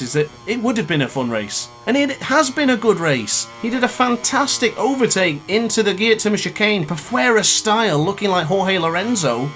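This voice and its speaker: A man's voice: high voice, fairly bright tone. A man in his late twenties commentating his own racing game live, ranting in frustration between exasperated laughs. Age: 20s. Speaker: gaming YouTuber.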